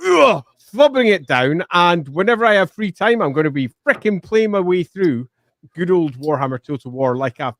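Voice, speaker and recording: Lively, animated man in a dry room. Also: high-pitched, no echo. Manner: animated, playful, quick to laugh. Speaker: regular panelist. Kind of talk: casual livestream chat.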